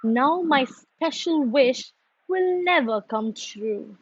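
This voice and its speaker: A woman's voice: high voice, expressive, takes it slowly, slightly rough, no room sound, lo-fi sound, heavily acted. A woman voicing a little brown bear cub in a children's storybook, speaking in a sweet, earnest way. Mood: sad.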